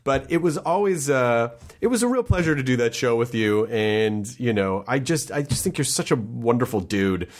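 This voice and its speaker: A man's voice: mid-range voice, animated, moderate pace, few pauses. Middle-aged male podcast host, loose friendly chat with restarts. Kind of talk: casual chat.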